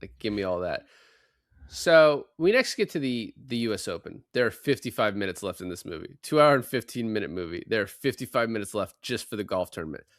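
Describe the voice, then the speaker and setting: A man hosting a casual movie-review podcast, excitedly recounting scenes and swearing freely. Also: fairly low pitch, brisk, dry recording, studio quality. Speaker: podcast host.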